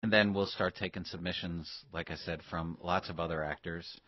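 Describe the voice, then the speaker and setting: Very deep-voiced male radio guest. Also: steady tone, moderate pace, no echo. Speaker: studio guest. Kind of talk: studio radio interview. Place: radio studio. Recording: slightly dull radio broadcast audio.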